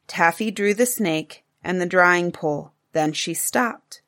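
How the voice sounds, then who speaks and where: A woman reading a children's storybook aloud in a lively, expressive way. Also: lowish voice, slow, hardly any pauses.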